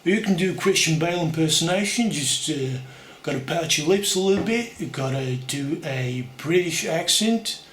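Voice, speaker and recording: A young man talking casually to camera about doing impressions, relaxed and unhurried with fillers. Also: on the high side. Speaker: aspiring actor showing impressions. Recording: echoey room, faint background hum.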